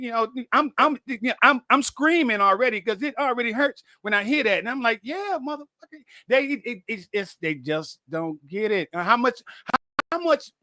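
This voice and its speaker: A man with a very high-pitched voice talks bluntly and casually, stammering, repeating himself often, and swearing a lot. He's animated throughout, and the recording is dry and studio quality.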